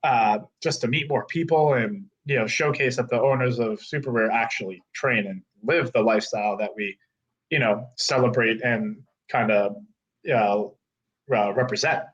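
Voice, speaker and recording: A man in his thirties, a guest telling a story in casual, animated chat, full of "like" and casual swearing. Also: medium pitch, normal speed, muffled recording. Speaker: guest, co-owner of a fight-gear retailer.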